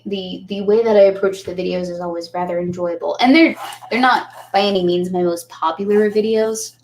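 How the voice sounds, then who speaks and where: A woman hosting her own channel, chatting casually to viewers while a little tipsy, rambling and easily distracted. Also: creaky. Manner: rambling, easily distracted, jumps around in pitch. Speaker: channel host.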